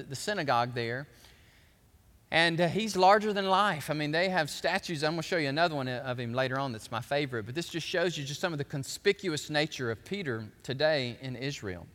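Bright-voiced pastor preaching in a reverberant church. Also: male voice, fairly high pitch. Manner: animated, conversational preaching with asides to the congregation. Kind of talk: sermon. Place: church sanctuary.

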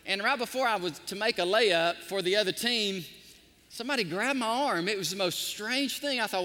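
A man pastor preaching a sermon, telling stories in an animated, emotional way. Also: high voice, moderate pace, in a large hall. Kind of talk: sermon with storytelling. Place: church sanctuary.

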